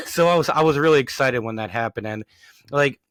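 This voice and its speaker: A young man, a podcast host, sharing an excited story in casual chat and tripping over his words. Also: medium pitch, brisk, no echo.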